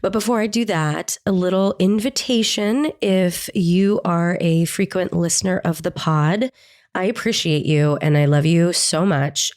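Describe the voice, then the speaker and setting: Stuffy-nosed woman podcast host, low voice. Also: darkish tone. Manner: candid, chatty and self-deprecating. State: stuffy nose from a cold. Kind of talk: casual solo podcast chat.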